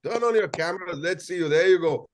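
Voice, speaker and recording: A man's voice: high-pitched, fast talker. A man in his sixties with an Indian English accent, telling playful anecdotes to an audience over a video call. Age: 60s. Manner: playful, storytelling, jokes and asides. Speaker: guest speaker.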